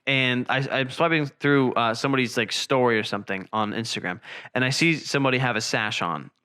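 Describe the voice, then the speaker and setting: Young man, podcast host, bright forceful voice, casual chat, profane, rambling storyteller. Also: mid-range voice, brisk, smooth. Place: indoor room, seen on camera.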